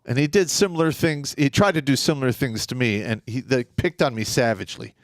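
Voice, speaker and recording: A man's voice: medium pitch, a little fast, dry recording, studio quality. A man co-hosting a live podcast, telling a story in a blunt, profane, casual way. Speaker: podcast co-host.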